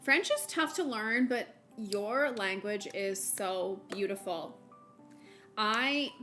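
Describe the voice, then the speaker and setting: A woman's voice: medium pitch, fairly bright tone. A young American woman streaming a game, chatting casually with her viewers and laughing often. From United States. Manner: chatty, giggly, lots of fillers. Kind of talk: casual chat while gaming, reading chat.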